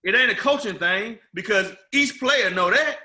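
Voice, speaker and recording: Sports talk host, male, high and very sharp-toned voice, emphatic rambling delivery. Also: animated, normal speed. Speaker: podcast host.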